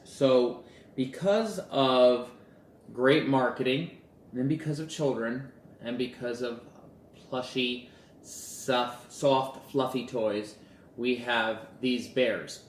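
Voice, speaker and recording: A man talks to his audience as a relationship coach in a relaxed, conversational way, and he slips into short acted-out lines of dialogue as he tells a story. His voice sits at an ordinary middle pitch. It echoes around the room, with faint ambience behind it. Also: slow, a little hiss or hum. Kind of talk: casual talk to camera.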